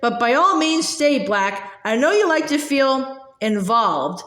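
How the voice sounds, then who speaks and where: A woman voicing a cold, sneering male wizard teacher who speaks quietly and disdainfully, in a roomy echo. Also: sits high, very animated, takes it slowly, full character voice.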